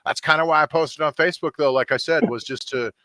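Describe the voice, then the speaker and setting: A man's voice: fairly high pitch, quick pace, a bit bright, no room sound. A man hosting a casual talk show, rambling and laid-back with plenty of fillers. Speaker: podcast host. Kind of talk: casual chat.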